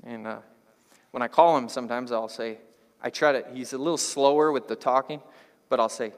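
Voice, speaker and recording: Conversational preacher in a reverberant hall. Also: male voice, medium pitch, brisk. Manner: conversational, animated, jokes with the congregation. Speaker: pastor. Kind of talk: sermon.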